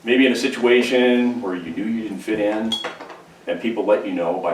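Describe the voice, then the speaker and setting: A man from California, a pastor, preaching a humorous, conversational sermon with animated storytelling. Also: fairly low pitch, normal speed. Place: church sanctuary. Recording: echoey church room, distant mic, faint hiss.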